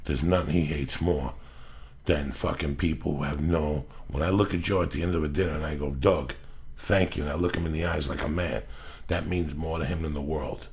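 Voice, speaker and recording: A man's voice: extremely low pitch, steady tone, fairly quick, a little mellow. A middle-aged man hosting a podcast, ranting in a casual, profane, emphatic way. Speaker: podcast host.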